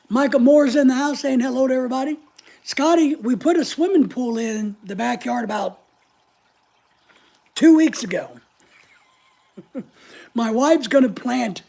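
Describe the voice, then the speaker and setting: A man's voice: extremely high pitch, normal speed, gravelly, long pauses, darkish tone. A man hosting a casual live stream from home, joking with viewers and greeting them by name as he reads their comments.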